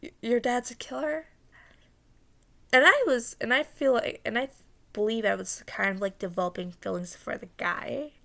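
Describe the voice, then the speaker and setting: Young woman with a gravelly fry. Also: mid-range voice, expressive, sharp tone. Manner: rambling, halting, full of fillers, dips into whispers. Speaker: vlogger recounting a dream. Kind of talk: casual storytelling.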